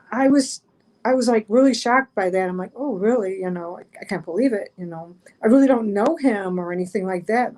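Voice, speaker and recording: A woman's voice: mid-range voice, warm tone, low-quality recording. A middle-aged woman, a guest on an online chat show, telling a story casually, rambling with many fillers and restarts.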